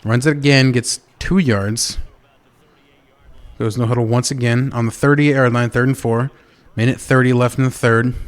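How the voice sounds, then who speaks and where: Man, esports caster, casual play-by-play, chatty, mid-pitched voice, excited bursts. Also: clean tone. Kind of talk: play-by-play commentary.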